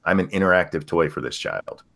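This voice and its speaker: A man's voice: low-pitched, very animated, brisk, creaky, a bit bright. An older man hosting a casual livestream chat, telling stories with swearing and jokes. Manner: profane, joking storyteller. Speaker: stream host.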